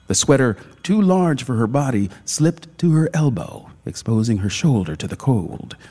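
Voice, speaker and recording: A man narrating a literary short story in a hushed, dramatic manner. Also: mid-range voice, big pitch swings, moderate pace.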